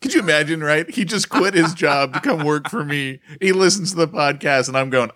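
A man's voice: a little high, animated, a little fast, a bit bright, no room sound, clean studio sound. A man co-hosting a podcast in casual banter, laughing and teasing. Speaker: podcast co-host.

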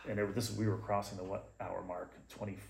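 A man spinning a story at a quick clip in relaxed podcast chat. He acts out every line of dialogue himself, and the room around him rings with echo. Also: low voice, creaky, over a noisy crowd. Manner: animated, acts out quoted dialogue. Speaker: guest. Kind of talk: casual storytelling.

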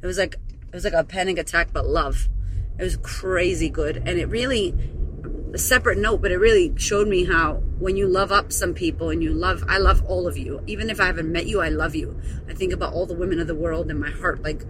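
A woman's voice: fairly low pitch, steady tone, a little fast, noisy background. Gushing, profane woman podcast host. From Melbourne area. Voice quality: profane, gushing, emotional storyteller. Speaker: podcast host and confidence coach. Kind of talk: casual podcast monologue.

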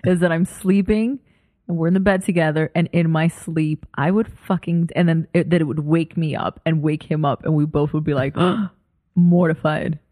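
A woman's voice: low-pitched, fairly even intonation, fairly quick, warm tone. A woman guest on a podcast in casual chat, teasing and laughing often.

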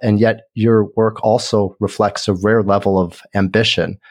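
Male interviewer, lowish voice, measured, thoughtful questions. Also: flat delivery. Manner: measured, slightly halting questions.

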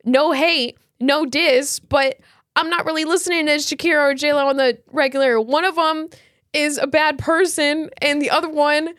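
A woman's voice: high voice, fairly even intonation, moderate pace, fairly bright tone, no echo, studio quality. A woman co-hosting a podcast, telling a story in casual chat with slang and lots of fillers. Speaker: podcast co-host.

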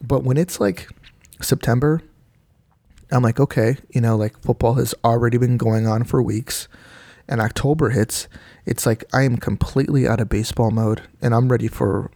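A man's voice: mid-range voice, moderate pace, vocal fry, warm tone, dry recording. A man co-hosting a casual podcast, rambling with lots of "you know" and "like". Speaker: podcast co-host. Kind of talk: casual chat.

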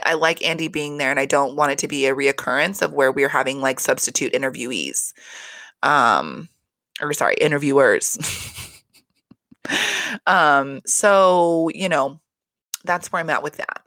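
Woman, casual recap host, blunt, heavy swearing, lowish voice, dry close sound. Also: fairly bright tone, dry recording. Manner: blunt, swears constantly, exasperated rants. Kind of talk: casual profane recap chat.

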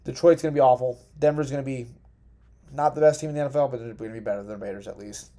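A man's voice: mid-range voice, fairly even intonation, very fast, warm tone. A young man hosting a casual solo sports podcast, rambling through picks, cursing and correcting himself, on uneven home audio. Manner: rambling, profane, self-correcting. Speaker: podcast host.

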